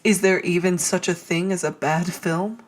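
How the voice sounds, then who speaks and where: A woman's voice: lowish voice, fairly even intonation, normal speed. A young woman co-hosting a casual movie podcast, teasing and laughing often. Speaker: podcast co-host. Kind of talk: casual chat. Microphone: USB microphone.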